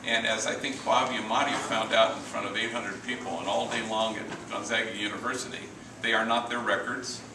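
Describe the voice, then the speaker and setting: A middle-aged man, a priest, telling anecdotes to a live audience in a lively, chuckling storyteller's manner. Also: lowish voice, a little fast. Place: large room with a live audience. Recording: roomy, distant and noisy hall recording.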